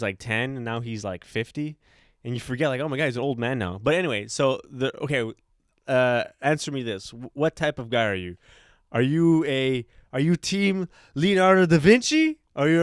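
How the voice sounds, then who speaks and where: A man's voice: medium pitch, lively intonation, normal speed, smooth, dry recording. Chatty man with a dry close sound. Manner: rambling storyteller who laughs often and slips into silly voices. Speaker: podcast host. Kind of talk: casual comedy podcast chat.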